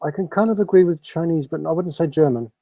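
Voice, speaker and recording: A man with a mellow, dark voice talks calmly and matter-of-factly in a casual chat. His sound is close and dry, with no room around it. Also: fairly high pitch, quick pace, dry recording.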